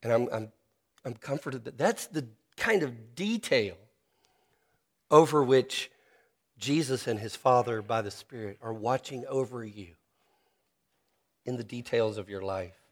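Earnest man preaching a sermon. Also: mid-range voice. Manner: earnest, personal preaching with emphatic slowed phrases. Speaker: pastor.

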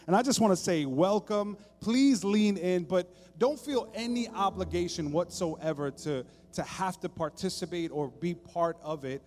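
A man preaching a sermon as pastor, conversational and joking, at times dropping to a soft, intimate tone. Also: sits high. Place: church stage. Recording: long hall reverb, faint music behind.

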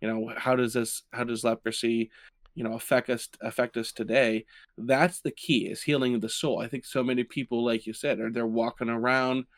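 A man co-hosting a podcast chats in an easygoing manner, warming up as he retells a story. His voice sits in a middle range. The recording is dry and close. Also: mid-range voice, normal speed, dry recording. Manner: animated storyteller, retelling scenes with quoted lines. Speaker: podcast co-host. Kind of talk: casual podcast conversation.

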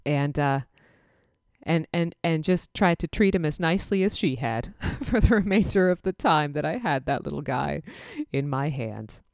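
Chatty low-voiced woman telling stories. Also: moderate pace, no room sound, studio quality. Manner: chatty, animated when quoting people, many fillers. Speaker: veterinary technician and podcast host. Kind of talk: casual storytelling monologue.

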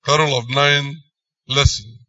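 A man with a Nigerian accent preaching a sermon, emphatic, swinging between loud and soft phrases. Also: mid-range voice, fairly even intonation, measured pace, dry recording, recorded from a distance, lo-fi sound.

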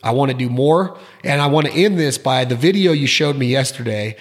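A man's voice: mid-range voice, a little fast. Rambling, enthusiastic male podcast host. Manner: enthusiastic, rambling, repeats words. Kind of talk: casual interview chat.

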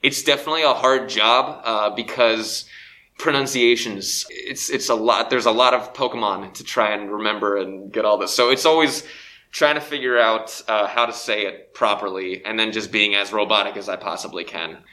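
A man's voice: fairly low pitch, moderate pace, sharp tone. A young man, a voice actor, talking eagerly in a panel interview, rambling with fillers, speaking through a face mask. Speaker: voice actor guest. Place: convention panel room. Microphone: handheld mic, speaking through a face mask.

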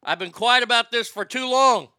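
A man's voice: very high-pitched, moderate pace, sharp tone, smooth, no echo, clean studio sound. A man hosting a live stream, chatting casually, ranting with profanity and reading viewer comments aloud.

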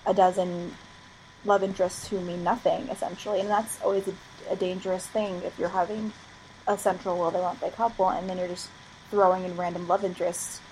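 A woman's voice: medium pitch, darkish tone, a little hiss or hum, rough recording. A woman talking on a podcast, thinking aloud in long rambling sentences. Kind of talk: casual chat.

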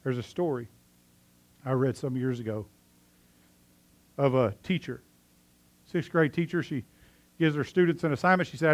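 A male pastor preaching a sermon, telling a story with lively swings between loud animated passages and quiet, earnest asides. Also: on the high side, a little fast, long pauses.

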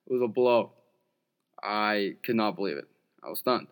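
A man's voice: on the low side, expressive, moderate pace, clean tone. A young man co-hosting a podcast, talking through games and betting picks in an easygoing way and laughing along. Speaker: podcast co-host. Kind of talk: casual sports-betting chat.

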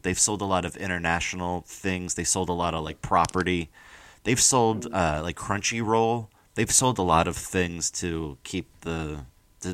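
Male podcast host, very deep voice, dry close sound, rambling and chatty. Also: dry recording. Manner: rambling, animated, lots of fillers and restarts. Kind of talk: casual podcast chat.

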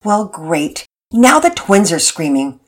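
A woman voicing a patient mother who talks in slow, measured tones in a storybook reading. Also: mid-range voice, big pitch swings. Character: patient mother, gently exasperated.

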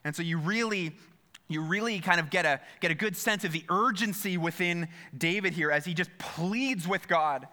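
A man's voice: a little high, moderate pace, pushed and bright. A man preaching a sermon in a church, earnest, often repeating phrases and speaking straight to his listeners. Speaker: pastor.

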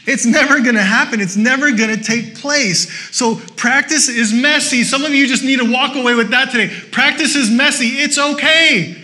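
A man preaching as a pastor. He talks in a lively, conversational way, urges his listeners on with short repeated phrases, and makes joking asides. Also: extremely high pitch, normal speed, few pauses. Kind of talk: sermon.

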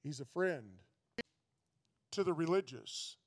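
A man's voice: a little high, expressive, slow. A man preaching a sermon as pastor, reading scripture aloud and pressing his points with emphatic exhortation. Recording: long reverb of a large hall.

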